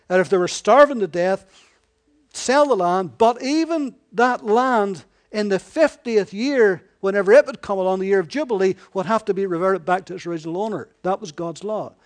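A man preaching a sermon in a conversational way, often correcting himself and voicing scripture as dialogue. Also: high-pitched.

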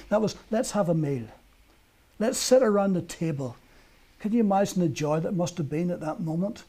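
A man preaching a sermon, telling stories earnestly and moving between emphatic peaks and hushed lines. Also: sits high.

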